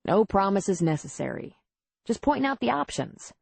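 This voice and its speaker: Calm matter-of-fact bar owner man, a woman reading him, gravelly and husky, dry sound. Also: mid-range voice, normal speed, no room sound, heavily acted. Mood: reassuring. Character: steady small-town bar owner man, plainspoken.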